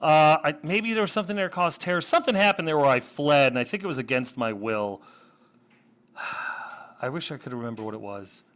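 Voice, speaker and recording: A man's voice: fairly high pitch, quick pace, few pauses, a bit bright. A man casually narrating a tabletop wargame battle report, rambling, self-deprecating and swearing when things go wrong.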